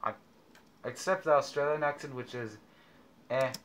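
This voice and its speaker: Brief: casual male reaction host, bright and edgy voice, rambling chatter. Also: mid-range voice, moderate pace. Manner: rambling, offhand commentary with fillers. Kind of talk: casual chat. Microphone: through a costume mask.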